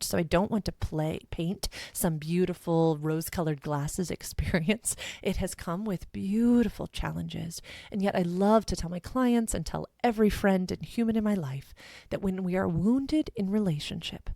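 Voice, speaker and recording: A woman talks as a podcast guest in a low, gravelly voice. Her tone is warm and mellow, her delivery flowing and earnest, and the sound is dry and close. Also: dry recording. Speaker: guest, sexuality educator. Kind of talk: podcast interview.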